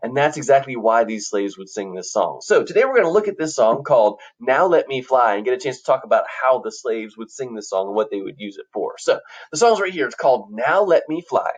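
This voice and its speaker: A man's voice: mid-range voice, sing-song, fairly quick, hardly any pauses, slightly rough, lo-fi sound. A man teaching a classroom music lesson, coaching students in an upbeat way and singing short examples for them to copy.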